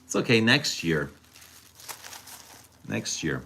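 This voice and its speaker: Deep-voiced man teasing his chat. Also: very animated, slow pace, gravelly, pushed and bright, slightly rough. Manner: teasing, chatty, answers chat directly. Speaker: fragrance streamer. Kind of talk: casual live-stream chat.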